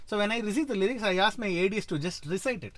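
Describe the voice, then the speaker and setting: A man's voice: high voice, lively intonation, quick pace, fairly bright tone. A man, a composer and podcast guest, explaining in casual chat and breaking into sung or spoken sample words, with frequent restarts.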